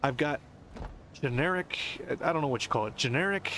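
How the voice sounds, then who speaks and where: A man's voice: a little high, animated, fairly quick, fairly bright tone, slight background noise. Rambling American man streaming a game. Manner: musing, talkative, explanatory. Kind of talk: casual rambling commentary.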